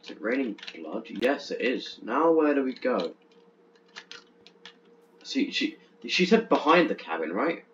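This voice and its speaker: A man's voice: medium pitch, measured pace, pauses often. Young man, gaming commentary, chatty, stammers, dull lo-fi, faint hiss. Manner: chatty, jumpy, stammers when excited. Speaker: gaming channel host. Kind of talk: let's play commentary.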